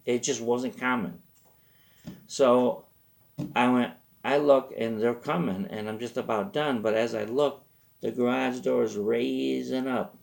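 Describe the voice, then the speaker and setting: A man's voice: mid-range voice, creaky. A man hosting a show, telling a rambling comic story from his youth with lots of asides. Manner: rambling, self-interrupting. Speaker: host. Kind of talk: comedic storytelling.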